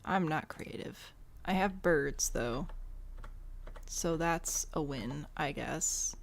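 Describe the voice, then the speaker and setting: A woman's voice: deep voice, slow, vocal fry, slight background noise. A young woman giving casual, rambling gameplay commentary, thinking aloud and poking fun at herself. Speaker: gameplay host.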